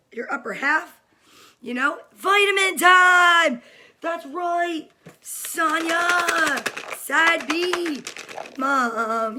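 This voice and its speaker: Bright, high-pitched, and forceful, this woman hosts a daily livestream for children from her home room under quarantine. The show is cheerful and chatty, and she calls out viewers by name.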